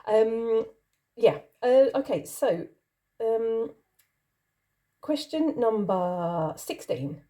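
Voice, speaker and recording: Chatty middle-aged woman, mellow voice. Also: a little high, very animated, extremely slow, pauses often. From not from the country she lives in. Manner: chatty, rambling, giggly, self-deprecating. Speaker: channel host. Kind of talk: casual chat answering a question tag.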